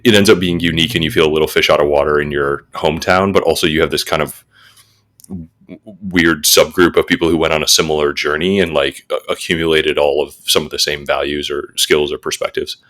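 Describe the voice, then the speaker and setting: A man joins a podcast as a guest and talks in a thoughtful, halting way, with fillers along the way. His voice is extremely deep. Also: steady tone, fairly bright tone. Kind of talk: casual conversation.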